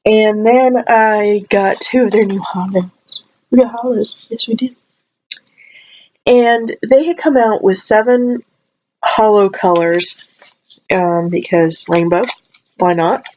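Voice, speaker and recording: A woman with a mid-range, slightly mellow voice rambles casually through a haul video at home, chatty and prone to asides and restarts. This vlogger may have a cold and uses playful voices when quoting herself. The recording is muffled, with slight background noise.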